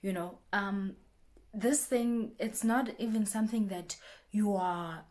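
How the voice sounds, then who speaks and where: A young woman talks straight to camera in a casual motivational vlog. She is chatty and loose, circles back over her own words with restarts and fillers, and breaks into lively little voices for what her friends said. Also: mid-range voice, slow pace. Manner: chatty, repeats herself, many restarts and fillers; acts out friends' lines in lively bursts. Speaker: vlogger.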